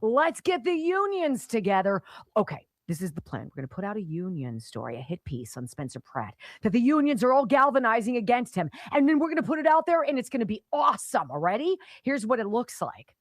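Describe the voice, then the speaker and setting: A woman playing a frantic campaign operative who hisses plans in a hushed, conspiratorial voice and shouts for a colleague. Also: fairly high pitch, very animated, brisk, dry recording, studio quality, pitched above the performer's own voice. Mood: scheming. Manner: urgent, conspiratorial, loud outbursts then hushed.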